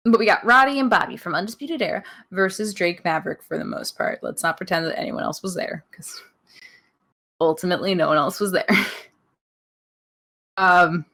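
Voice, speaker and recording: A young American woman from upstate New York, co-hosting a podcast in loud, animated, joking casual chat. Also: lowish voice, moderate pace, creaky, pauses often. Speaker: podcast co-host.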